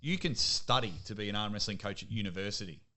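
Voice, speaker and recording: A young Australian man, a sports commentator, chatting casually as a podcast guest and telling lively stories. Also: fairly low pitch, fast talker. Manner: lively storyteller, laughs at himself. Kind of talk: casual interview chat.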